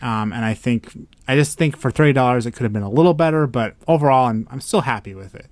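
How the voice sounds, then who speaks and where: A man's voice: mid-range voice, fast, a little mellow, dry recording, clean studio sound. A man co-hosting a collectors' podcast, chatting casually and easily with frequent fillers. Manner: easygoing, chatty, many fillers. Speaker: podcast co-host. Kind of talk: casual chat.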